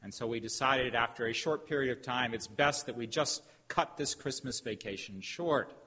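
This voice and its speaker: A middle-aged man preaching a sermon as a pastor, telling a story with emphatic pauses. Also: mid-range voice, bright, forceful tone, husky. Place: church sanctuary. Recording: hall reverb, faint background noise.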